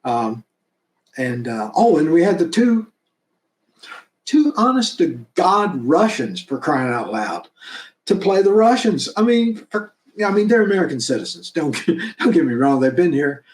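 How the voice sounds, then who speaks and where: A man's voice: on the high side, sing-song, unhurried, darkish tone. A man talking enthusiastically about producing his fan film episodes, rambling and laughing now and then. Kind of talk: casual interview chat. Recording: roomy echo.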